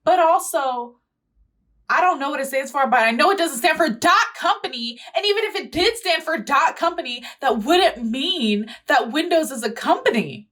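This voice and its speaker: Woman host, casual reaction commentary, blunt and profane, slightly high voice. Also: lively intonation, moderate pace, fairly bright tone. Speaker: YouTube host.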